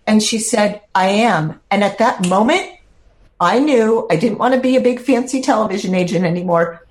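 An older woman, a podcast guest, telling her personal story in an earnest, heartfelt way, close to tears at times. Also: mid-range voice.

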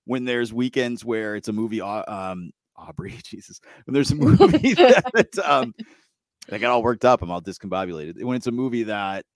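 A man's voice: on the low side, moderate pace, no echo. A middle-aged man co-hosting a podcast in casual chat, getting worked up, swearing freely and laughing often. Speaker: podcast co-host.

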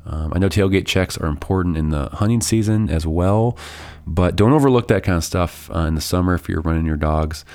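A man with a deep, low voice hosts his podcast in a relaxed, rambling way. His nose is stuffed up from a summer cold, and he circles back with plenty of ums and restarts. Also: fairly quick. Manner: rambling, many fillers and restarts. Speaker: podcast host. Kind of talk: casual solo podcast intro.

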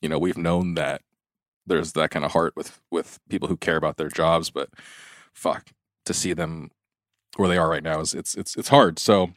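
A man's voice: rumbling low, steady tone, normal speed, dry recording, clean studio sound. A man co-hosting a casual podcast chat, blunt and swearing in short reactions. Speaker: podcast co-host.

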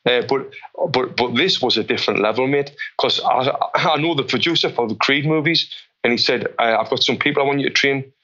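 A man, a boxing coach being interviewed, telling animated stories and often restarting his sentences. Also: medium pitch, brisk, highs cut off. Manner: animated storyteller with many restarts. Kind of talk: interview conversation.

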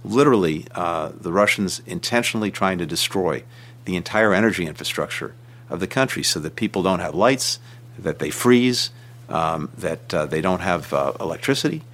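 A man, a senior official, giving measured interview answers with emphatic stresses and frequent restarts. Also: low-pitched, expressive, a bit bright.

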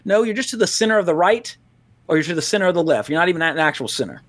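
Podcast guy rambling off on tangents, laughs a lot, kinda high voice. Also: expressive, rapid-fire. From Louisiana, US. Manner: tangential, laughs often, many restarts. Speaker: podcast co-host. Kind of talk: casual rambling podcast chat.

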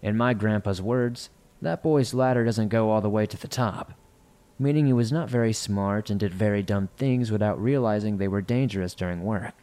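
A man reading listener-submitted horror stories aloud in a measured, somber narration. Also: lowish voice, warm tone.

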